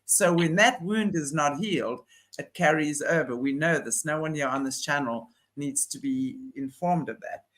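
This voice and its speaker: A man's voice: on the high side, moderate pace, fairly bright tone. A man co-hosting a casual chat, giving opinionated, explanatory commentary. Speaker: podcast co-host. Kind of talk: casual chat about a news case.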